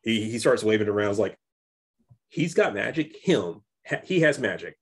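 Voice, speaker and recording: A young man co-hosting a casual movie review chat, talking in halting bursts full of restarts and repeats. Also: lowish voice, very animated, fairly bright tone, breathy edge. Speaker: podcast co-host.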